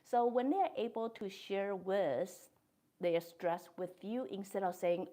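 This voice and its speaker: A woman hosting her own podcast, talking through a reflective monologue in a gentle, thoughtful way, speaking English with non-native grammar. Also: medium pitch, measured pace. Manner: gentle, thoughtful, with soft laughs. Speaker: podcast host.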